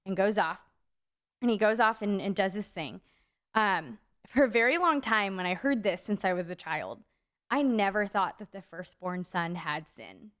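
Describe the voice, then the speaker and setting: A young woman in casual podcast chat who rambles through a story, padding nearly every phrase with "like" and "um." Her voice sits at an ordinary middle pitch for a woman, relaxed and conversational. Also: normal speed. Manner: rambling, many "like" fillers. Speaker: podcast co-host.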